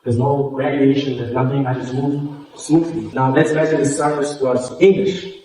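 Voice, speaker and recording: A man with a South African Xhosa accent teaches public speaking in a workshop, explaining patiently and repeating his points. His voice is mellow and carries from a distance across a very echoey room. Faint noise sits behind it. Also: medium pitch, fairly even intonation, moderate pace.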